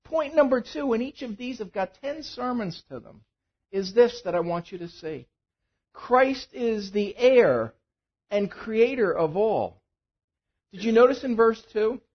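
A male pastor preaching a sermon, swinging between loud emphatic bursts and quiet asides. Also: high voice, animated, unhurried, husky, lo-fi sound. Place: church.

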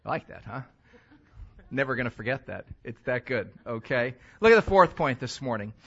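An older man preaching a sermon as a pastor, animated, with loud emphatic stretches and quiet asides. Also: mid-range voice, normal speed, slightly rough, muffled recording.

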